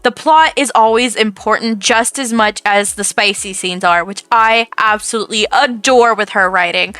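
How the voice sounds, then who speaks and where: A woman's voice: a little high, lively intonation, moderate pace, few pauses, bright, forceful tone, dry recording, faint music behind. A young woman chatting casually as she reviews a book, gushing and repeating herself.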